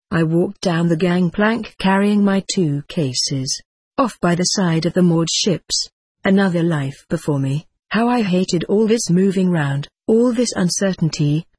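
A reader narrating a memoir-style audiobook in a measured, reflective way. The voice is husky and mid-pitched, recorded dry and close. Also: darkish tone, no echo. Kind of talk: scripted first-person narration.

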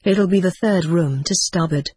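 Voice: medium pitch, normal speed, darkish tone, slightly rough, no echo. A reader voicing an easygoing, helpful sailor lounging in a hostel chair, in a storybook. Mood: friendly.

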